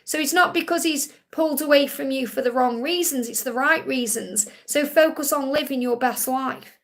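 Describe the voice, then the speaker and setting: At normal speed and in a high, slightly bright voice, a woman gives spiritual readings during a live Q&A she hosts as a psychic. She sounds soothing and reassuring and repeats phrases.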